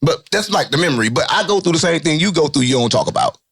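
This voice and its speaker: A man giving an interview in loose, unfiltered street talk, animated and joking, cursing and repeating his catchphrases. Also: on the high side, fast talker, creaky, husky. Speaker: interview guest.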